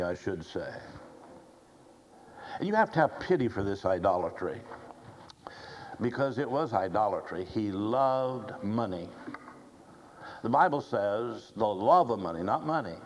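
A man preaching a sermon, slow and deliberate, quoting scripture as he goes. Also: on the low side, lively intonation, a little hiss or hum, rough recording.

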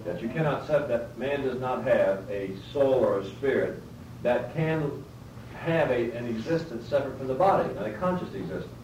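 A man teaching a Bible lecture at a middle pitch, working through points by rephrasing and asking his class questions. He sits some distance from the mic in a roomy space, with a faint hiss of background noise. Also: normal speed, darkish tone, highs cut off. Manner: explains step by step, rephrases, asks the class questions.

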